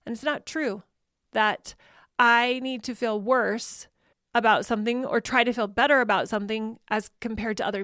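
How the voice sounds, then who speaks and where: A woman's voice: on the high side, gravelly, a bit bright, dry recording, studio quality. A woman hosting a parenting podcast, talking in an earnest, heartfelt way and now and then correcting herself. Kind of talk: reflective solo podcast monologue.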